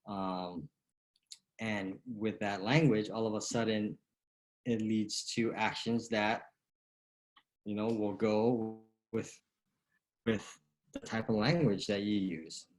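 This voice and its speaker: A man's voice: lowish voice, a little mellow. A man giving a motivational golf lesson in a casual way, with many fillers and questions. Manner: casual, lots of fillers and "right?" tags. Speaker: golf coach.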